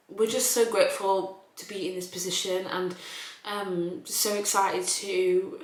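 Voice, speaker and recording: A woman's voice: medium pitch, steady tone, normal speed, echoey room, slight background noise, rough recording. A young woman chatting emotionally in a casual vlog, often restarting her sentences. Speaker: vlogger.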